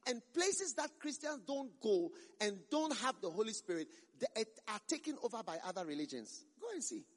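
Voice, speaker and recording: A man's voice: high-pitched, big pitch swings, normal speed. A man preaching a sermon as a pastor, emphatic and repeating phrases for force. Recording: long reverb in a large hall.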